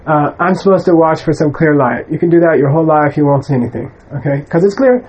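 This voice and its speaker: A male Buddhist teacher with a slightly high, darkish voice and a breathy edge lectures his students in an animated, conversational way. He bluntly and emphatically rejects wrong ideas while repeatedly asking "okay?". It is a low-quality recording.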